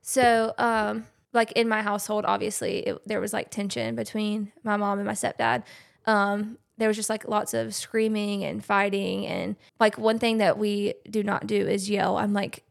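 A young woman talks earnestly and openly, with plenty of "like" fillers. Her voice carries a noticeable vocal fry, and her pitch sits in an ordinary middle range. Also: normal speed. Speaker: podcast guest. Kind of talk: casual conversation.

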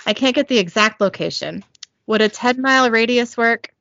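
A woman's voice: on the high side, moderate pace, vocal fry, a bit bright, no room sound. Woman reading as young male demon clerk, cheerful, helpful, dull sound.

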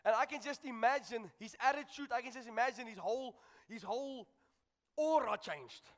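A man preaching a fervent sermon in a church, often shouting and repeating his phrases. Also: very high-pitched, normal speed. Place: large church hall. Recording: echoey hall with long reverb.

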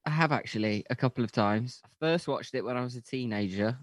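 A man's voice: medium pitch, a little fast, no echo. A man co-hosting a casual podcast, joking and trading playful banter. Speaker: podcast co-host. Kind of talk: casual chat.

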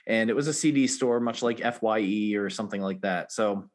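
A man in his forties co-hosting a podcast, chatting casually and telling stories with animated energy and easy laughter. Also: on the low side, brisk. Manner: animated storytelling, laughs easily. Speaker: podcast co-host. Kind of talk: casual chat.

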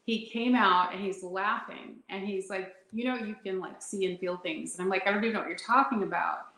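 Woman telling a spooky story, lively, laughs a lot, roomy echo. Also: medium pitch, fairly quick. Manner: animated, laughs often, acts out quotes. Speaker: intuitive guest. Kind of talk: storytelling in a conversation.

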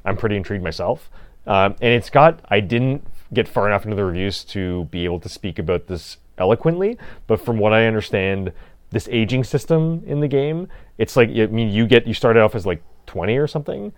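A man's voice: lowish voice, animated, brisk, no echo. A young man chatting casually about video game news, rambling with lots of fillers and restarts. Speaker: podcast co-host. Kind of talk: casual gaming news chat.

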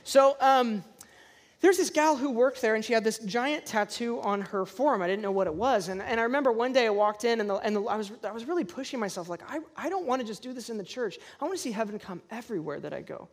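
A pastor preaching to a congregation, telling personal stories with self-deprecating humor and lively acted-out asides. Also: medium pitch, quick pace, slightly rough. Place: church service before a congregation.

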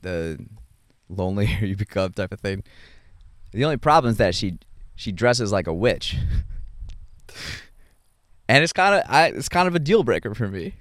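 Smooth-voiced man rambling casually. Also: lowish voice, no room sound, clean studio sound. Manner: halting, many fillers and restarts, chuckles often. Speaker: speaker sharing his dating life.

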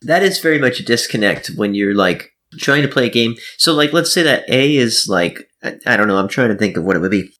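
A man chatting casually as a co-host, animated and playful as he tells stories. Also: mid-range voice, a little fast, few pauses. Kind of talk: casual chat.

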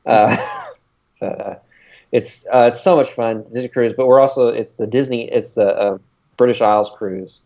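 A man's voice: medium pitch, fairly even intonation, moderate pace, dark tone. A man co-hosting a podcast in casual chat, rambling with plenty of ums and uhs. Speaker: podcast co-host. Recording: dull lo-fi recording.

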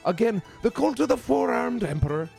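Man doing a comic put-on Irish brogue, animated and pitched up, faint music under. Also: brisk, vocal fry, exaggerated voice. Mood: hammy. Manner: hammy, stumbling list reading. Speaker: podcast host.

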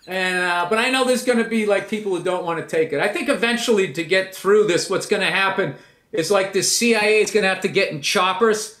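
A high-pitched, middle-aged man riffs in a casual interview, mocking things and slipping into quick impressions. The room gives his voice a roomy echo. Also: bright, forceful tone. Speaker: comedian guest.

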